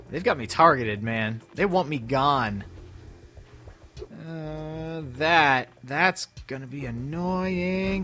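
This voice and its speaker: A man casually commenting on a video game as he plays, animated and breaking into loud playful outbursts. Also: a little high. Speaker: let's play host. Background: game music.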